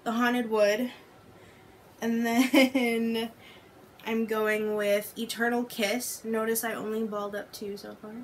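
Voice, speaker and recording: A woman's voice: a little high, flat delivery, slow, a little hiss or hum. A young woman fresh out of college, a podcast guest, chatting casually and hesitantly with many fillers. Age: young adult. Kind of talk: casual chat.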